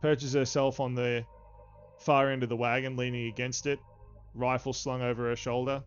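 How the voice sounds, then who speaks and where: As game master of a tabletop game, a man narrates in a flat, mid-range voice that is clear and resonant, though laced with halting fillers. Faint music sits behind a slightly dull recording.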